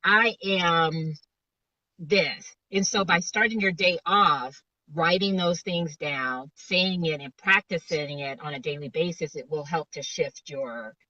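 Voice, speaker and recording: A woman's voice: low-pitched, measured pace, hardly any pauses, bright, forceful tone, no echo, far from the mic, muffled recording. A woman life coach, a guest in an interview, explaining motivational ideas with a string of rhetorical questions over remote call audio.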